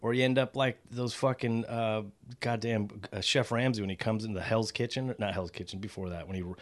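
Low-voiced profane American man chatting. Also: brisk. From United States. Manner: profane, rambling, animated. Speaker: podcast co-host. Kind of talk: casual chat.

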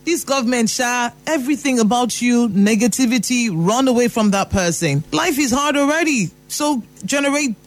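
A man's voice: very high-pitched, expressive, normal speed, few pauses. A Nigerian man giving an emphatic motivational talk, repeating phrases for emphasis. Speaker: motivational speaker.

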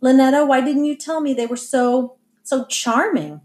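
A cheerful, proper middle-aged mother , as a woman reader plays her, bright and gushing. Her voice lifts with pleasure as she praises. The audiobook delivery stays warm-toned and lively. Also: sits high, normal speed, reverberant, pitched above the performer's own voice, natural voice. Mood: pleased.

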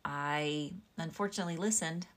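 Soft-spoken woman recalling the past. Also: low voice, normal speed. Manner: soft-spoken, hesitant, trailing off. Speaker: podcast co-host. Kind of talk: casual storytelling chat.

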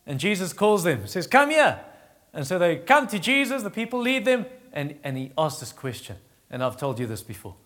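A man's voice: very animated, big-room sound. A man preaching a sermon, retelling Bible stories and acting out the characters' pleas, with frequent restarts. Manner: acts out Bible voices in a raised pitch, quiet and slow on comfort; halting restarts while teaching.

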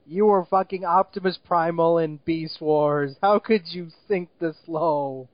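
A man's voice: a little high, steady tone, unhurried, dry recording, dull audio. A man co-hosting a casual movie review chat, ranting with exasperation, swearing often and laughing at what he mocks. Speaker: movie review podcast co-host.

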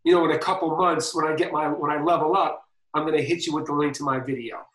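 A man from Boston, a DJ and guest, telling stories in a fast, slangy way full of fillers. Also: on the high side, steady tone, fairly bright tone, reverberant, far from the mic, poor audio. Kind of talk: casual storytelling interview.

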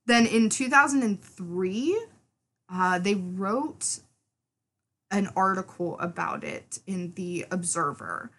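Chatty woman with a hoarse throat. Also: medium pitch, takes it slowly. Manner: animated, rambling with many "like" fillers. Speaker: podcast co-host. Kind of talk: casual chat.

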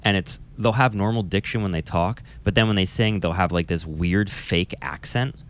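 A man with a deep voice chats loosely and animatedly as a podcast co-host. He swears freely and mimics the voices he makes fun of. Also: moderate pace. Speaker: podcast co-host, music teacher. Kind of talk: casual chat.

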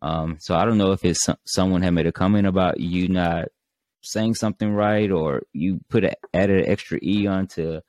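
Deep-voiced rambling male host. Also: steady tone, moderate pace, a little mellow, no echo. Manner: rambling, many fillers and trailing thoughts. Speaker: podcast host. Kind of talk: casual interview chat.

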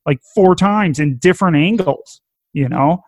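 Man, Welsh accent, casual podcast chat, lively and laughing, fairly high voice, dry close sound. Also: measured pace, dry recording. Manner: animated, laughs often, swears casually.

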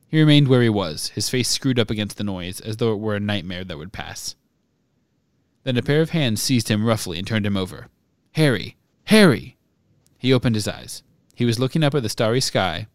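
A podcast host reading a book chapter aloud in measured, even narration. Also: male voice, fairly low pitch, dry recording, studio quality.

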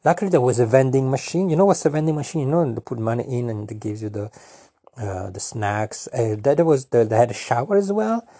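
Halting, rambling man with a husky voice. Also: mid-range voice, expressive, dark tone, no room sound, clean studio sound. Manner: hesitant, full of fillers and restarts. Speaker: storyteller. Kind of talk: rambling absurd comic monologue.

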